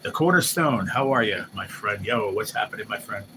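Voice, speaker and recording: A man hosting a live stream, chatting casually and excitably, swearing loosely and often mimicking what others said. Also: on the low side, a little fast. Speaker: livestream host. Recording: noisy background hum.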